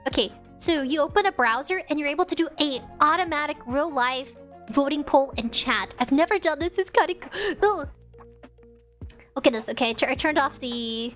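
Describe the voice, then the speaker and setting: A woman VTuber chatting casually on a livestream, rambling and giggly, easily sidetracked while reading chat, her voice a little raspy. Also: high-pitched, moderate pace, a bit bright, soft background music. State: slightly raspy.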